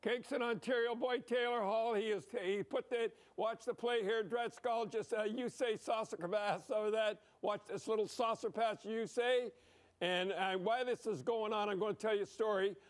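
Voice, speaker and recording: Older man, high-pitched, blunt and rambling hockey commentator. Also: steady tone, normal speed. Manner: blunt, emphatic, rambling, with frequent "eh?". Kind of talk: excited hockey commentary over replays.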